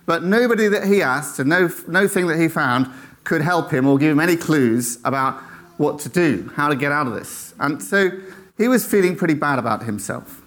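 A man tells a faith story to an audience, animated and acting out the voices of the people in it. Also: fairly high pitch, moderate pace. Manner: animated, acts out quoted voices, checks in with "right?".

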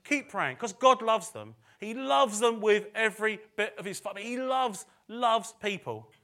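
Man, middle-aged, church sermon, bright tense tone, casual self-mocking asides. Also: high-pitched, animated, unhurried. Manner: conversational, with self-deprecating asides; repeats phrases for emphasis. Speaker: preacher. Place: church service.

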